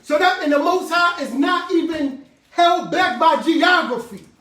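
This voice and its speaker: A man with a high voice preaches a sermon in call-and-response style, breaking into shouted bursts and then dropping into casual slangy asides. He sounds distant from the mic, in an echoey worship room with faint background noise. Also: unhurried.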